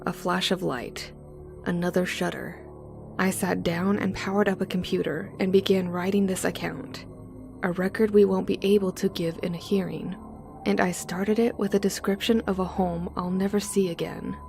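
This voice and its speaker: A woman narrating a horror story in the first person, slow and deliberate. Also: fairly low pitch, steady tone, creaky, a little mellow, soft background music.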